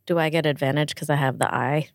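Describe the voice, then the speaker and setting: A woman with a lowish voice plays in a tabletop game, asking lots of questions and giggling between them. She is recorded close and dry. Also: steady tone, fast talker, dry recording. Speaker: player. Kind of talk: casual tabletop play.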